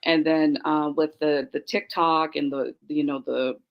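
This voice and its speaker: Young adult woman, podcast guest, slightly low voice, animated storyteller. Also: unhurried, muffled recording. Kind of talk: casual podcast chat.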